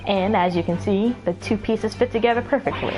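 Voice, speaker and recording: An earnest young male lawyer, read by a woman who thinks his way through the evidence aloud. The voice is kept near her own middle pitch. Clear game music runs behind him. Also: fairly quick, lightly acted, rough recording.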